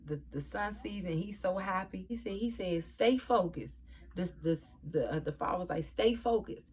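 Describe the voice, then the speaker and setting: A woman talks through a TV episode in a relaxed, conversational way. Her voice sits on the lower side, and she jumps up in pitch to act out what the characters said. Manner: animated, acts out quoted lines in a raised voice. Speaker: TV episode reviewer. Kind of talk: casual recap of a TV episode.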